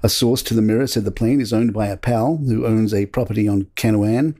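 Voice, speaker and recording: A man hosting a podcast, reading royal news headlines from a script in a measured, steady way. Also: on the low side. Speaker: podcast host.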